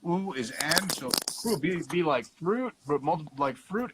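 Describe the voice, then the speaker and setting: A man hosting a casual Bible study over a video call, slowly sounding out Hebrew words and explaining them with the odd curse. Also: a little high, expressive, fairly bright tone, a little hiss or hum, low-quality recording. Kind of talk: casual teaching livestream.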